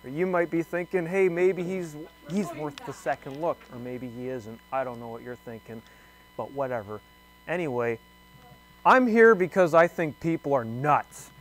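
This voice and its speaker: A man's voice: a little high, normal speed, a little hiss or hum. A young man with a wry, rambling way of talking, doing a comic monologue to camera. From Thunder Bay, Canada. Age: young adult. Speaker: segment presenter.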